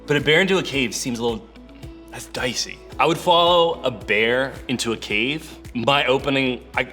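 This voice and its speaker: A young man with a bright, ringing voice talks to young people in a loose, joking way, stringing thoughts together with lots of "like." Soft music runs faintly underneath. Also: medium pitch, moderate pace. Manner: playful, chatty, full of "like" fillers. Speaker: church youth speaker. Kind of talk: casual video talk to youth.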